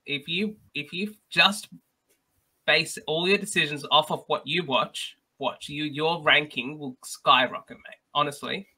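A man's voice: on the high side, unhurried, pushed and bright, slightly rough. A man in a casual podcast chat, chatty and earnest when giving advice.

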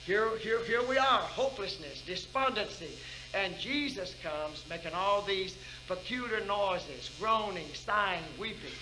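An older woman delivers a fervent revival sermon. She fires questions at the congregation and moves between ringing exhortation and low, hushed intensity. The sound carries a faint hiss of background noise. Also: lively intonation, measured pace. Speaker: preacher. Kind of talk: fervent preaching. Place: church revival meeting.

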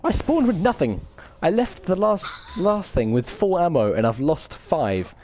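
A man's voice: on the high side, sing-song, measured pace, darkish tone, slight background noise. Swearing English man telling stories. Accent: English, between posh and dropped-T London. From England. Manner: swearing, laughing storyteller. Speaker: streamer. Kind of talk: casual gaming chat.

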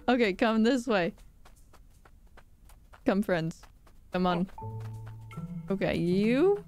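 A woman's voice: medium pitch, lively intonation, very slow, long pauses, a little mellow, faint music behind. A woman streamer giving casual, giggly, exclaiming commentary while playing a game.

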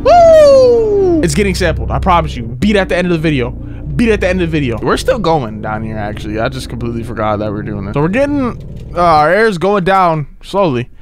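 A young man streaming a horror game, talking in slang, yelping and shouting whenever he gets scared. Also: fairly high pitch, quick pace. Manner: excitable, yelps and shouts when scared, slangy. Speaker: gaming streamer. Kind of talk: horror game let's play commentary. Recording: game music playing behind.

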